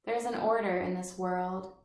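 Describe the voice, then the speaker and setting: A woman reading the part of a precise, orderly, serious schoolboy in measured literary narration. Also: fairly low pitch, steady tone, darkish tone, echoey room, lightly acted. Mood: fastidious.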